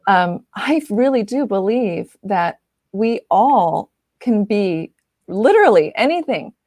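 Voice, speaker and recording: A woman artist chatting casually as an interview guest, animated and quick to laugh, with lots of fillers. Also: mid-range voice, no echo, clean studio sound. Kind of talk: casual conversational chat.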